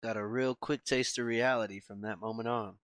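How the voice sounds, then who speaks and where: A man's voice: mid-range voice, fairly even intonation, brisk, a bit bright, clean tone, dry recording. Laughing, cursing young man, dry sound. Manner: profane, laughs often. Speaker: podcast co-host. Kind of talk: casual storytelling chat.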